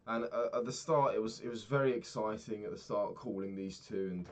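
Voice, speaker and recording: A man's voice: on the low side, a little fast. A young man talking through his day in a candid, rambling diary vlog, swearing freely. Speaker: vlogger.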